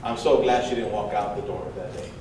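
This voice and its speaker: A man giving a motivational talk to students, telling lively stories and acting out his mother. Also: on the low side, a little fast. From United States, of Mexican parents. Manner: lively storytelling, acts out his mom. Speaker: bullying prevention speaker. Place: large echoey room before an audience. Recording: echoey room, picked up from far off, noisy.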